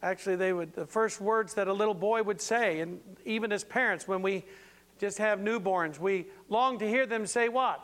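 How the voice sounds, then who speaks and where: Older guy preaching casual, high voice, jokey and folksy. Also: moderate pace, fairly bright tone. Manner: folksy and playful, with frequent asides. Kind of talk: informal sermon.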